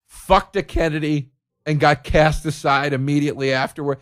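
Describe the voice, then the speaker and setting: A man's voice: a little high, steady tone, normal speed. A man on his comedy podcast, ranting sarcastically and profanely with big swings in energy. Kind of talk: solo comedic rant.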